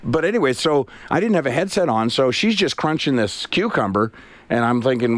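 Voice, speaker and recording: A man's voice: mid-range voice, lively intonation, fairly quick, no room sound. A man in his late fifties hosting an afternoon radio show, telling rambling, self-deprecating stories from the studio. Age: 50s. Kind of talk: casual on-air chat. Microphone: studio mic with headset.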